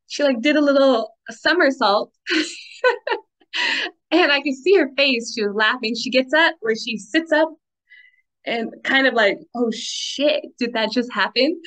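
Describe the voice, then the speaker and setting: A woman's voice: a little high, a bit bright. A woman hosting a spiritual healing talk, speaking casually and affectionately to her listeners, laughing often and squealing when retelling happy moments. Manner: affectionate sign-offs and encouraging asides. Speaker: spiritual healing podcast host.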